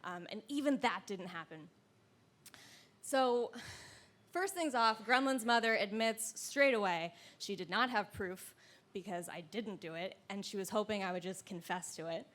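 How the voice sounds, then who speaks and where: A woman in her thirties telling a true story live, with wry, deadpan comic asides. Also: medium pitch, a little slow.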